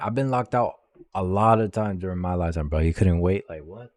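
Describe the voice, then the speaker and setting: Low-voiced young man ranting a storytime. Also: fairly even intonation, a little fast, darkish tone, dry recording. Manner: heated, profane, repeats himself with "bro". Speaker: vlogger telling a personal story. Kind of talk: casual storytime rant.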